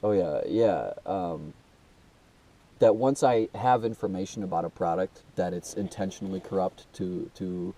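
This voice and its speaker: Young man, low dark voice, congested, rambling and profane vlog monologue, mic a little distant. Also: a little slow. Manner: casual and swearing, calls listener dude, many restarts and fillers. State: blocked nose, trouble breathing. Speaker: self-made video host. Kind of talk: rambling personal monologue to camera.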